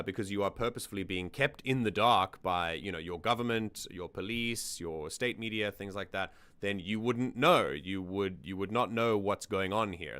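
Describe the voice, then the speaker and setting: A man's voice: low voice, a bit bright, smooth. A man hosting a stream, casually analysing song lyrics and thinking aloud with restarts. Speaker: stream host.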